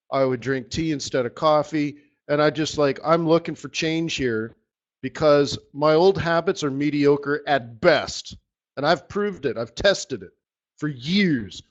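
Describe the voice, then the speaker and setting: A man leads a live trading strategy session with a fairly high voice. He talks in a rambling, animated pep-talk manner to his audience. The audio is dull and lo-fi, like a muffled web stream. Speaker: forex market strategist hosting a live session.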